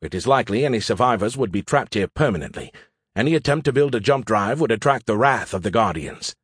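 A man voicing a condescending, know-it-all male ship AI that lectures in a husky, dry voice. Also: fairly low pitch, animated, fast talker, no echo. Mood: smug.

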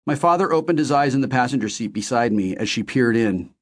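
A man reading a first-person novel aloud in a steady, measured storytelling manner. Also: medium pitch. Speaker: audiobook narrator.

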